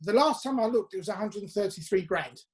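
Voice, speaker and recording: Chatty English musician telling stories at home. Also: male voice, high voice, lively intonation. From England. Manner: chatty, anecdotal, quick asides. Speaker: musician guest. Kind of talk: casual interview chat. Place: his home.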